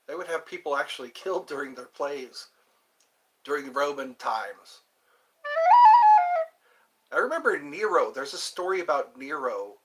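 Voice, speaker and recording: A middle-aged man hosting a rambling live chat, joking around and putting on mock voices. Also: fairly high pitch. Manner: joking, sings lines, mock accents. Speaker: livestream host.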